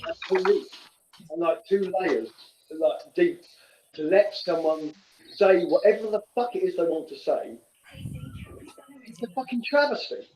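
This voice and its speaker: A man's voice: high-pitched, unhurried, long pauses, a little mellow. A man in a casual voice chat, talking in an indignant, emphatic way with swearing. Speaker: voice chat participant. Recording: dull lo-fi online audio with faint noise.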